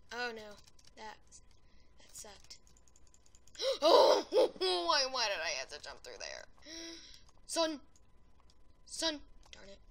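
A woman giving excitable gameplay commentary, yelling and gasping at wins and deaths and rambling chattily between rounds. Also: a little high. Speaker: gaming video creator.

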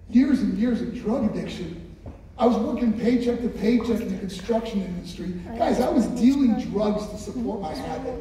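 A man's voice: high voice, mellow. A man giving a motivational speech to a school assembly, telling his story with emphasis and speaking straight to the audience. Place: large hall with an audience. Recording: echoey hall from far off.

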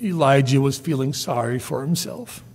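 A man, a pastor, preaching a sermon in a church, swinging between quiet asides and loud, rising appeals and acting out whiny quotes. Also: mid-range voice, normal speed, husky, long reverb tail. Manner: preaching with sudden rises and drops in loudness, acting out whiny quotes. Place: church sanctuary.

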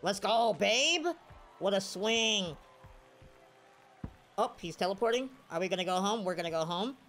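A man commentating his own baseball video game as he plays, excitable, his voice jumping to high shouts at big plays, tired after hours of play. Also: normal speed, soft background music. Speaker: gaming YouTuber. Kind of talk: live gameplay commentary.

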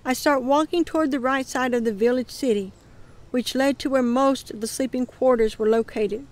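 A woman reading her dream account aloud in a calm voice that often drops to a murmur. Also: high-pitched, normal speed. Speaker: ministry dream teller.

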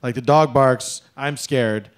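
A middle-aged man performing a stand-up comedy set on a club stage, with an animated, exaggerated, mock-polite delivery. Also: mid-range voice, takes it slowly, clean tone.

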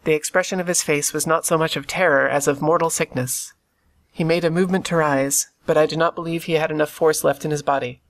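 Steady audiobook narrator, classic novel reading. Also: medium pitch, fairly quick. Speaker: audiobook reader.

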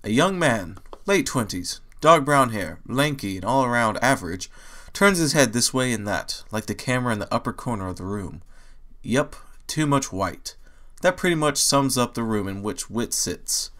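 A man reading fan fiction aloud as a narrator, in steady storytelling. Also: mid-range voice, normal speed. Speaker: audiobook reader.

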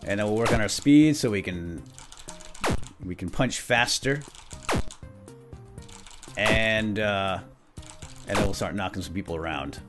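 A man's voice: lowish voice, measured pace, pauses often. A man hosting a video game let's play, casually commenting and playfully bantering with the characters. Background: game music.

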